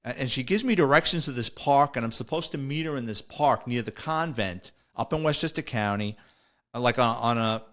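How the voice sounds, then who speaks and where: His voice sits at medium pitch and moves fairly quickly. The middle-aged podcast host trades in casual, wisecracking storytelling, animatedly imitating the voices of the people he describes.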